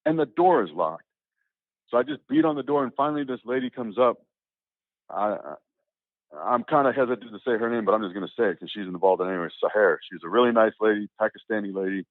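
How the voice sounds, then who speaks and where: A man telling a personal story as an interview guest, animated and acting out the dialogue as he goes. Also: on the low side, fast talker, no room sound. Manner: animated, acts out quoted dialogue, repeats words. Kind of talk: casual spoken storytelling. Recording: tinny, phone-like, dry.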